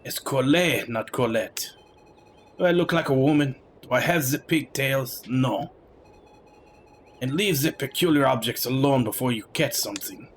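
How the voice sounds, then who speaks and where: A man's voice: medium pitch, moderate pace, slight background noise, close to an everyday voice. A man voicing a rude, scornful male knight with a put-on French accent, sneering as he reads game dialogue.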